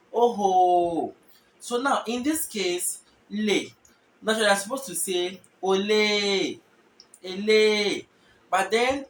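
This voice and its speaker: A man teaching a language lesson, explaining patiently and repeating example phrases slowly with stressed tones. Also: high-pitched, a bit bright, reverberant, far from the mic, rough recording.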